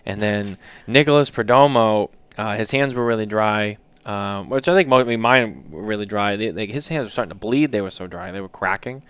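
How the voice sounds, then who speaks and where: Man, 30s, podcast co-host, casual rambling chat, smooth resonant tone. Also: lowish voice, a little fast, hardly any pauses, dry recording. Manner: rambling storyteller, many fillers.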